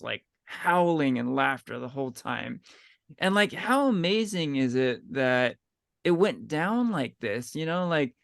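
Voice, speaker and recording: Man, podcast co-host, eager casual talk, slight fry, dry close mic. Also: a little high, no room sound. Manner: enthusiastic, chatty, often asks "right?". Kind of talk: casual chat.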